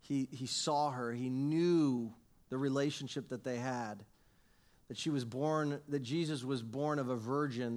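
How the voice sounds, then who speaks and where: A middle-aged male pastor preaching a sermon, telling stories with acted-out dialogue and chuckling at his own jokes. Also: mid-range voice. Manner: animated storytelling, acts out dialogue, laughs at own jokes. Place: church sanctuary with congregation.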